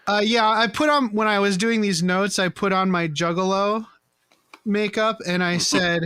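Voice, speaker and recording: A man's voice: sits high, moderate pace, bright, forceful tone, clean tone, no echo, studio quality. A man co-hosting a podcast who chats casually and drops playful, jokey asides. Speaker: podcast co-host. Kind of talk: casual chat.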